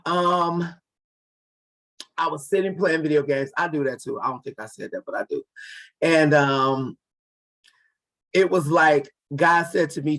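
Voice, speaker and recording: A man's voice: on the high side, measured pace, a bit bright. A man in his forties, an author and guest, telling a story casually and acting out the dialogue with many restarts. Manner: acts out quoted dialogue, repeats and restarts words.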